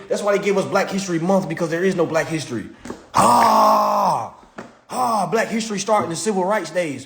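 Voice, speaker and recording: A young man from the talks straight to his livestream audience, cursing freely and laughing as he goes. His voice sits a little high and swings widely in pitch, and the recording carries a roomy echo. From South Carolina, USA. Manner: animated, profane, laughing often. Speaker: livestream host. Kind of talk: casual livestream monologue.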